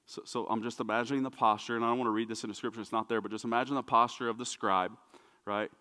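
A man preaching a sermon as pastor, emphatic and repetitive, dropping to hushed asides. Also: mid-range voice, steady tone, fast, in a large hall. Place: church sanctuary.

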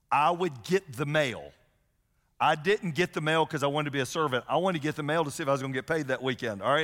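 Animated man preaching in a reverberant hall. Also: mid-range voice. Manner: animated, conversational, acts out quoted voices. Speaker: pastor. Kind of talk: sermon.

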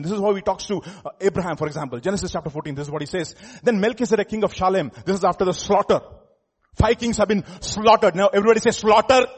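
Guy preaching, kinda high pitched and husky, laughs a lot and quizzes the church, gets loud on the big points. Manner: animated preaching with laughs and sudden loud emphasis; asks the congregation questions. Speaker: pastor. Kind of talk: sermon.

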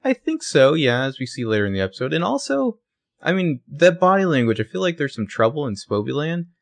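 A man co-hosting a casual recap chat, retelling scenes with lively asides. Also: fairly high pitch, brisk, gravelly, no room sound. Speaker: podcast co-host.

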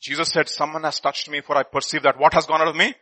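A man preaching a sermon, reading scripture and swinging from loud bursts to quiet asides. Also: on the high side, flat delivery, fast talker, poor audio.

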